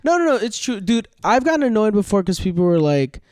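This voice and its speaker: A man's voice: high voice, very animated, darkish tone, no room sound, studio quality. A young man co-hosting a casual comedy podcast, loose and profane, reassuring his friend. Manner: loose, profane, reassuring, with quick voiced asides. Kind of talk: casual chat.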